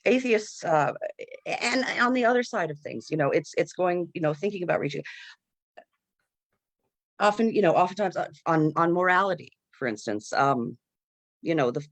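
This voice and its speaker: This panel speaker, in an unscripted discussion over a video call, is earnest yet halting, with many fillers and nervous laughter while searching for words. The mid-range voice is expressive, with no room sound.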